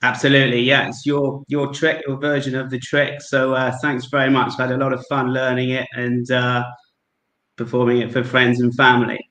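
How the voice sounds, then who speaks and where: A man's voice: mid-range voice, monotone, normal speed, a bit bright, echoey room, poor audio. Friendly man with a London accent. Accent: London English. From England. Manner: polite and friendly, narrates each move. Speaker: guest amateur magician. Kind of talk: casual card-trick performance with patter.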